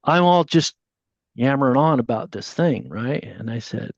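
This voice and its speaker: A man telling a story on a podcast as a guest. He is casual and animated, and he acts out the voices of the people in his tale. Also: medium pitch, moderate pace, gravelly, dry recording. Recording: dull, dry lo-fi audio.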